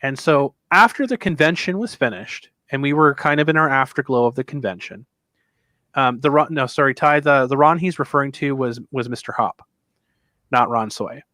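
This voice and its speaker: A man's voice: medium pitch, normal speed, bright, forceful tone, no room sound. A man telling a long, rambling story in casual chat, swearing freely and acting out what other people said. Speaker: podcast co-host telling a convention story.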